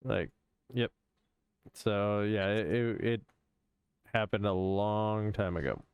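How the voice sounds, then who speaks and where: Slow, crisp-voiced man explaining patiently. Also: lowish voice, no echo. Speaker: podcast co-host. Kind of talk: casual chat.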